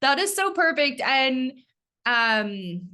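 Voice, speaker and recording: A woman's voice: high voice, big pitch swings, slow pace, sharp tone. A woman hosting a podcast in casual chat, bubbly and gushing, swearing casually. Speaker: podcast host.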